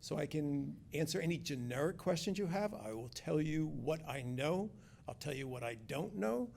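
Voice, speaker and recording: A man's voice: a little high, animated, normal speed, creaky, darkish tone, slight background noise. A man giving an informal community update as director of construction projects, joking and chatty, often restarting his sentences. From Philadelphia area.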